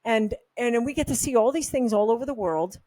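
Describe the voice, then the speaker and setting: A woman's voice: on the high side, a little fast, dark tone, no echo. A woman hosting a health vlog, talking casually in a candid, opinionated, rambling way. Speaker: health supplement brand host. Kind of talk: casual talking-head monologue.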